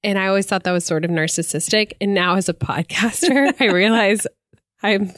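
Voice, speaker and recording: A woman in her thirties co-hosting a podcast, nasal and stuffed up from a cold, chatty and quick to laugh. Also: mid-range voice, no room sound, studio quality. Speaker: podcast co-host. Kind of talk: casual chat.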